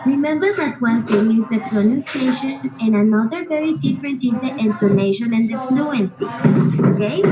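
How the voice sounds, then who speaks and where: A woman teaches a class in a bright, high voice. She explains patiently and repeats key words. The room around her is echoey. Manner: slow, patient, repeats and stresses words, checks with "okay?". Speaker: English teacher. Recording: roomy classroom echo.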